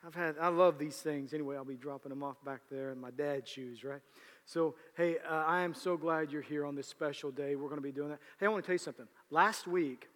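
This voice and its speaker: A man's voice: fairly high pitch, fairly quick, a bit bright. A man preaching as pastor, moving from casual, joking announcements into an emphatic sermon. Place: church sanctuary. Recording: reverberant church hall.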